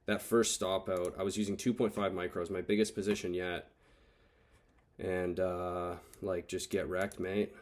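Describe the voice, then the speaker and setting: A man's voice: sits low, flat delivery, measured pace, darkish tone. A man recapping his day trades over charts, frustrated and swearing as he thinks aloud. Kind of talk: casual screen-recorded trade recap.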